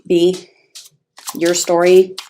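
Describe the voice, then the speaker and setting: A woman giving a casual, expressive tarot reading, talking straight to the viewer with emphatic asides. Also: on the low side, drawn-out words, a little hiss or hum. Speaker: tarot reader.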